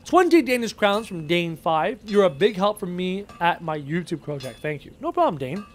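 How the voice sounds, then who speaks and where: A man's voice: high voice, very animated, normal speed, a little hiss or hum. A man streaming a game live, chatting and muttering to himself as he plays and reads chat aloud. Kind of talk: live gameplay commentary, reading chat aloud.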